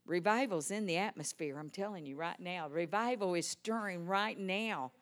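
An older woman delivers a revival sermon with fervor. She drops to a near hush, then lifts into ringing, exclamatory praise, sprinkling amens through her storytelling. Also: on the low side, moderate pace. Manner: impassioned, swinging from hushed to exclaiming. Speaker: preacher.

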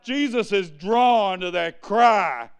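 High-voiced preacher shouting and drawling. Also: male voice, lively intonation, slow, clear, resonant tone. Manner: exuberant, with sudden shouts and calls to the congregation. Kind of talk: sermon.

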